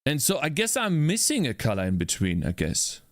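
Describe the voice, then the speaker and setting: A man's voice: mid-range voice, huge pitch swings, normal speed, no echo. Male streamer, game dev, frustrated and cursing at his work; dry, close sound. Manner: frustrated, exasperated, talks to himself; swears. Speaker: indie game developer streaming. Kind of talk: live-stream chat while working.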